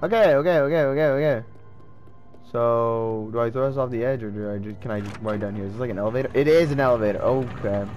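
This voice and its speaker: A man giving casual gameplay commentary, excitable and swearing as he talks to himself. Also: medium pitch, fast talker, soft background music. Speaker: let's play gamer.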